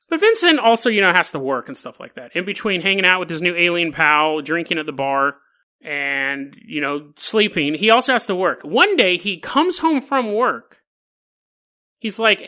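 A man's voice: high voice, sing-song, moderate pace, pushed and bright. A man hosting a casual storytelling podcast, joking and laughing through wry asides. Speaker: podcast host.

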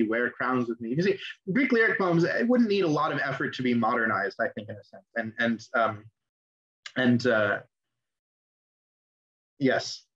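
A young man lectures an online class in a relaxed, chatty way, often pausing on ums and restarting his sentences. His voice sits at an ordinary middle pitch. The call audio is slightly dull and lo-fi. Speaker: class teacher.

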